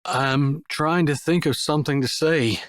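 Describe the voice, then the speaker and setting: A man voicing a gentle, tipsy young cowboy. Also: fairly high pitch, unhurried, no room sound, clean studio sound, close to an everyday voice. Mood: tender. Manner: earnest and gentle. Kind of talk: audiobook dialogue.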